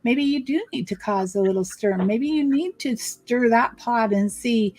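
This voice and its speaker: A chatty woman co-hosting a live card-reading stream. Her voice sits a little high, and she runs through viewer comments one after another in a relaxed, friendly way. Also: a little slow. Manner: chatty, reads viewer comments aloud, laughs easily. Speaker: co-host psychic reader.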